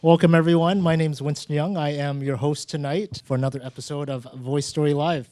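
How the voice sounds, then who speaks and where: A man hosting a live storytelling event on stage, talking in a relaxed, conversational way and acting out little exchanges from his own stories. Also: fairly high pitch, brisk, no echo. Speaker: host of a live storytelling show.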